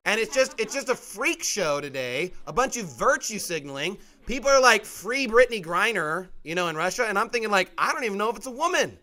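A young adult man preaching a sermon, emphatic and forceful, with sudden rising outbursts. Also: high voice.

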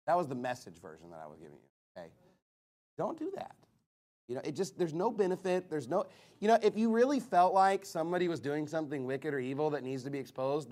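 A man's voice: a little high, a little mellow. A man preaching a sermon, emphatic and repetitive, sometimes mimicking arguments mockingly.

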